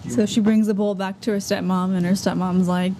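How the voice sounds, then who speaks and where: A female podcast co-host with a warm, mellow tone, speaking at a mid pitch. She retells a fairy tale in an easygoing, conversational way and trades lines with her partner. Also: brisk, a little hiss or hum, poor audio. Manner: relaxed and conversational, chiming in. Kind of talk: casual storytelling chat.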